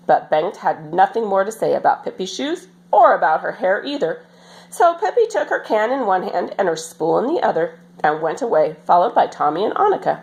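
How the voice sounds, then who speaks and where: A woman reading a children's story aloud as storyteller, in an expressive, animated manner. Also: mid-range voice, a little fast, creaky, poor audio.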